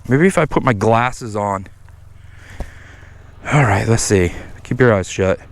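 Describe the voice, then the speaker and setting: A man's voice: fairly low pitch, measured pace. An older man with a sore throat, rambling to his viewers in a casual motor vlog while riding country roads. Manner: chatty, talks to viewers as "people". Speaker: motorcycle vlogger. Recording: loud wind and engine noise. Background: motorcycle engine and traffic.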